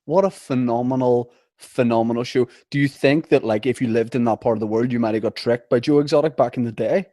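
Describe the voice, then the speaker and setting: A man's voice: medium pitch, fairly quick, hardly any pauses, dark tone, no echo, studio quality. A man hosting a podcast, asking joking, teasing questions in casual chat. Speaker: podcast host.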